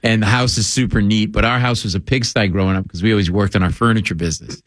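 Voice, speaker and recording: A middle-aged man from Rhode Island, a guest comedian telling rambling, animated stories in casual chat. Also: fairly low pitch, quick pace, dry recording. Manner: rambling, animated, full of "like" and asides. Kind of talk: comic storytelling in casual chat.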